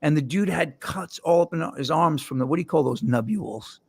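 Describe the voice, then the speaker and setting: A man's voice: fairly high pitch, animated, a little fast, creaky, husky, no echo. A man hosting a casual podcast, telling rambling jokey stories with his co-hosts. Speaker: host.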